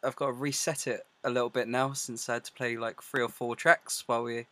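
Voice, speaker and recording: A man's voice: mid-range voice, little pitch movement, a little fast, bright, forceful tone, echoey room. A man hosting a radio show, chatting casually with a wry, teasing manner. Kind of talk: casual chat.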